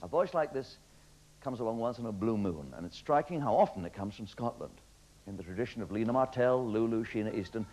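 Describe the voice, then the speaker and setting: An older man hosting a TV talent show, trading quick self-mocking jokes with contestants in a studio. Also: fairly low pitch, expressive, a little mellow, rough recording. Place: TV studio with an audience.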